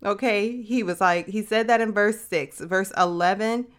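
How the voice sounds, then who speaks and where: A woman's voice: medium pitch, moderate pace, smooth. A woman hosting a podcast, teaching about the Bible in a casual, chatty way and calling the listener sis. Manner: chatty, addresses listener as sis, slangy asides. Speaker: podcast host.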